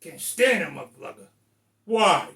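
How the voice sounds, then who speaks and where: A Rhode Island man in his sixties vlogs to the camera, ranting bluntly and emphatically with plenty of profanity. His voice is high, animated, and sharp, with a slightly slow delivery, recorded in an echoey room.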